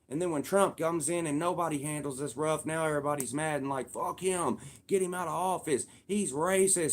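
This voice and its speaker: Thirties man with a slightly high voice, heated and profane, talks straight at the camera. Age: 30s. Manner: profane, heated, repetitive, emphatic. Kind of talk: casual political rant.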